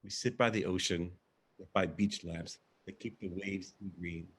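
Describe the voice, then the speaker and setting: A man's voice: sits low, steady tone, a little slow, fairly bright tone, a little hiss or hum. A man reading a candid, wry first-person monologue for a verbatim theatre reading, as a male arts director telling his story.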